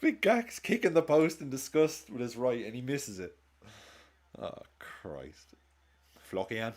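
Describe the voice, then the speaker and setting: A man hosting a football watchalong, chatting excitably and swearing as he reacts live to the game and his chat. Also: medium pitch, slow. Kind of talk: live match commentary and chat.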